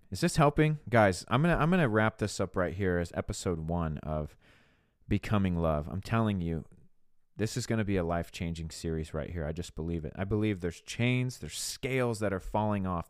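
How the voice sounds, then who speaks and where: A man's voice: deep voice, lively intonation, moderate pace, no room sound, studio quality. A man preaching a podcast sermon, moving between earnest spoken prayer and urging his listeners on. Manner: earnest, exhorting, addresses listeners as guys.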